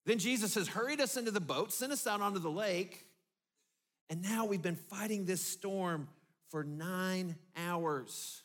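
High-voiced pastor preaching. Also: male voice, normal speed. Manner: vivid storytelling, drops low and soft for emphasis. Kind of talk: sermon.

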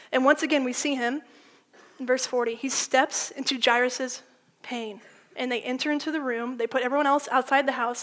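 A woman preaching a sermon in a casual, animated storytelling way, full of "like", swinging between loud and hushed. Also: fairly high pitch. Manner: informal, with frequent "like".

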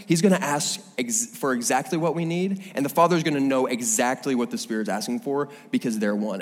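A man preaching a sermon in a casual, animated storytelling way, often restarting his phrases. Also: fairly high pitch. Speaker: pastor. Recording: long hall reverb.

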